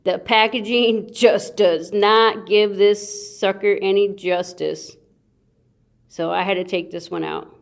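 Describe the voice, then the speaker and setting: A woman hosting a casual unboxing video, playful and goofy, with sound effects and drawn-out, excited remarks. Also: medium pitch, vocal fry. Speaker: coin channel host.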